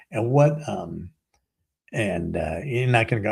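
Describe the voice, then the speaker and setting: A man's voice: on the low side, unhurried, vocal fry, husky. A man hosting a sports talk show, ranting in a sarcastic, rambling, exasperated way. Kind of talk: ranting commentary.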